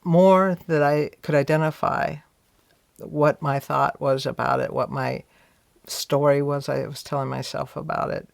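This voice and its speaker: In an interview, a woman narrates a story in a reflective, conversational style, frequently using "you know" and saying her former thoughts out loud. Her voice sits low with vocal fry, steady and unhurried, with no echo.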